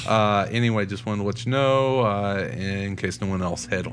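Low-voiced man hosting a comics chat. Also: normal speed, background noise. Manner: reads out listener mail and plugs, relaxed with filler words. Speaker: podcast host. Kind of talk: casual chat.

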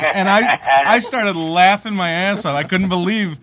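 A man's voice: high voice, normal speed, muffled recording. A man hosting a podcast, chatting casually and animatedly and laughing easily. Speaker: podcast host.

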